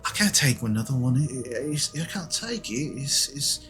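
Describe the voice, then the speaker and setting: A man's voice: mid-range voice, expressive, moderate pace, fairly bright tone, soft background music, pitched above the performer's own voice, lightly acted. A man voicing a tired, bitter old grandmother who is being shaken down for money. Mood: weary. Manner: tired, resentful, pleading.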